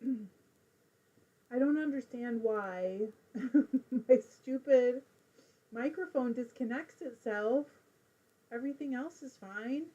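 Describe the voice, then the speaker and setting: A woman's voice: a little high, takes it slowly, pauses often, warm tone, husky, lo-fi sound. A middle-aged woman hosting a casual live crafting stream from home, chatting while she knits and reading viewer comments aloud.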